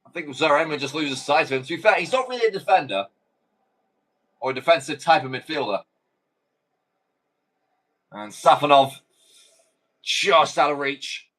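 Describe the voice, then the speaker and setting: Brief: male host calling a football game live, a little high-pitched, wanders into asides. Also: expressive, moderate pace, pauses often, fairly bright tone, poor audio. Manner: chatty, rambling asides between calls.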